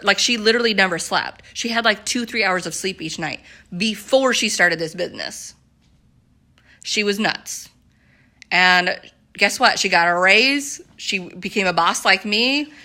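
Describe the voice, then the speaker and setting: A young woman speaks straight to her viewers in a quick, chatty pitch, peppering every thought with "like" and "you guys." Her voice is bright and gushing with enthusiasm. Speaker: network marketing vlogger. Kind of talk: casual direct-to-camera pitch.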